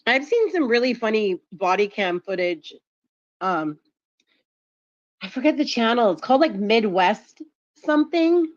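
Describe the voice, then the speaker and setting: A woman's voice: on the high side, big pitch swings, a little slow, long pauses, no room sound. Woman, streamer, loose rambling chat, dull lo-fi sound. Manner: rambling, heavy use of "like". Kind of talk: casual chat.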